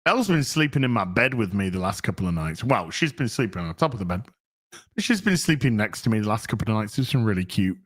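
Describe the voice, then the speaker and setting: A man's voice: fairly low pitch, big pitch swings, quick pace, breathy edge. A man hosting a casual livestream, reading out chat messages and rambling with many restarts and frequent swearing. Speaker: streamer host reading chat.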